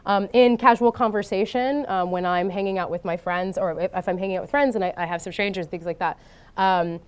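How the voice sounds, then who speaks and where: A woman giving a talk at a design conference to an audience. She often pauses with ums and uhs and grows animated when she tells an anecdote. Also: mid-range voice, clear, resonant tone. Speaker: conference speaker. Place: conference stage before an audience.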